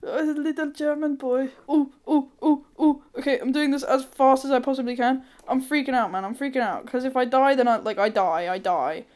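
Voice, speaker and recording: A woman giving casual let's-play commentary, thinking aloud, swearing freely and breaking into sudden excited squeals. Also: high voice, a little fast, hardly any pauses. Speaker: gamer.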